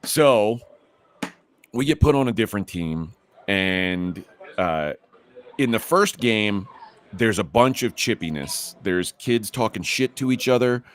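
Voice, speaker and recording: Man, middle-aged, podcast host, lowish voice, rambling, restarts, heated. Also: lively intonation, slow pace. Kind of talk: casual storytelling.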